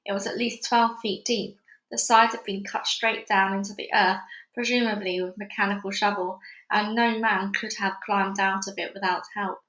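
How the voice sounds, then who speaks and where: A woman's voice: medium pitch, steady tone, normal speed, fairly bright tone. A woman at home reading a children's book aloud as narrator, casual and chatty between chapters. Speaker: read-along narrator. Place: busy house. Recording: echoey room at home.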